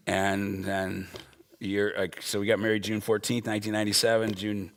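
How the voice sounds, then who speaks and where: A man's voice: on the low side, monotone, normal speed. A man in his forties teaching at a Bible school, talking in an earnest, emphatic, conversational way and telling personal stories. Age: 40s.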